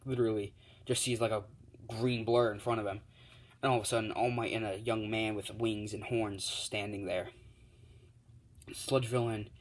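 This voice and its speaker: A man's voice: lowish voice, poor audio. A man telling an improvised fan story in a casual, rambling way with many fillers.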